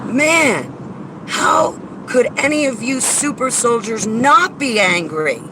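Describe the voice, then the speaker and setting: A blunt, argumentative woman rants in a casual vlog from around her car. Clear traffic and street noise runs behind her voice. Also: fairly high pitch, lively intonation, slow pace. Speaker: vlogger.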